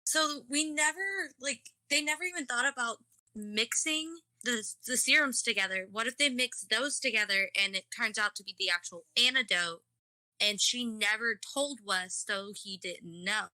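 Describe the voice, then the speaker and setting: A woman's voice: on the high side, moderate pace, sharp tone, low-quality recording. A woman calling in to a casual talk show, eagerly laying out a theory. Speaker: guest caller. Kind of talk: casual chat.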